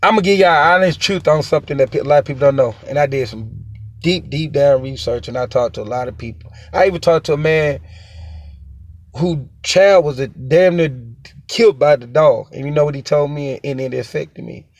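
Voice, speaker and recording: A man's voice: fairly high pitch, brisk, no echo, highs cut off. A young man, giving a rambling, repetitive and emphatic casual monologue as a dog owner, swearing now and then. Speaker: dog owner sharing opinions.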